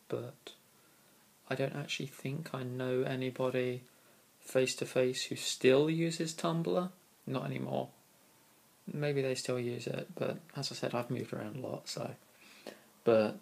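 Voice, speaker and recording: A man's voice: medium pitch, gravelly. A young man from southeast England with a southeast English accent, answering a list of questions in a dry, sarcastic and rambling way. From Kingston upon Thames, England. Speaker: vlogger. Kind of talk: casual answers to a question tag.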